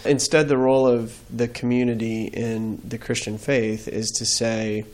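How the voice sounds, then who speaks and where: A man speaks as a guest in an interview. He talks earnestly and reflectively, with a mid-pitched voice, recorded on a studio mic. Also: level tone, unhurried, few pauses, a little mellow. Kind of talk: faith interview storytelling.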